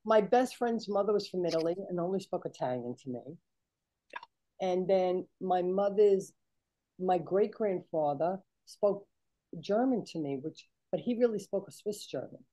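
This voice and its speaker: An older woman telling stories in a casual, animated chat, acting out the people she quotes. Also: lowish voice, a little slow, rough recording. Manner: animated, chatty, acts out quoted voices. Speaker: guest.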